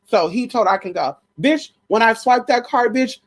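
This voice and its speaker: A woman's voice: a little high, expressive, normal speed. A woman hosting a live stream, chatting casually about celebrity spirits with a sassy, brash, slangy manner and plenty of swearing. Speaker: livestream host. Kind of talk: casual spiritual gossip chat.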